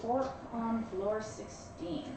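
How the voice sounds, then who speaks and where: A woman's voice: fairly high pitch, slow. A woman playing a tabletop game, asking dry, skeptical questions. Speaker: player. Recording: very echoey room, distant mic, faint hiss.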